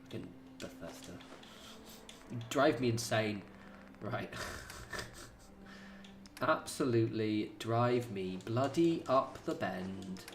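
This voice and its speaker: A man's voice: on the low side, expressive, slow pace, long pauses, soft background music. A man streaming a game, chatting casually in a rambling, sweary way with lots of fillers. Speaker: gaming streamer. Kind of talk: casual chat while playing.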